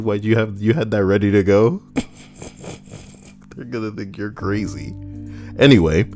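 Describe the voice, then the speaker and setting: A young man hosts a casual commentary video in a fairly low, darkish voice. He rambles, swears, cracks jokes, and now and then argues with himself.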